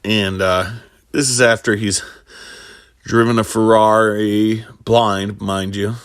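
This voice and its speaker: A man's voice: on the low side, little pitch movement, slow pace, a bit bright, clean tone, no echo, clean studio sound. A man casually retelling a film plot, rambling with lots of fillers and restarts. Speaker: storyteller recapping a film. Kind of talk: casual spoken film recap.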